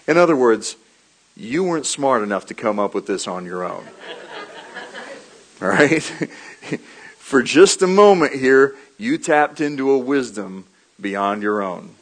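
A man preaching a sermon, telling animated stories, laughing briefly and repeating his key lines. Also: lowish voice, measured pace, low-quality recording.

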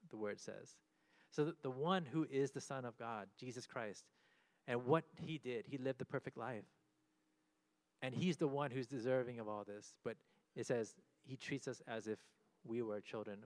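A man giving a sermon at an ordinary mid pitch. He explains scripture in a conversational, teaching way. When he quotes, he lifts his voice with rising emphasis. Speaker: preacher.

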